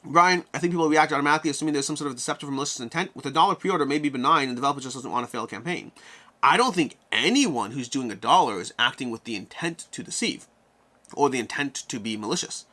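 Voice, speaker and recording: In a live-stream Q&A, a fast-talking, medium-pitched man responds to viewers with animation, reasoning out loud as he answers.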